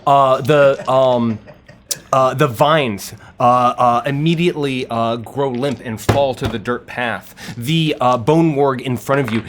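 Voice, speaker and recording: A man's voice: mid-range voice, slow, noisy background. A man narrating a tabletop game as game master, descriptive and full of uh and um fillers.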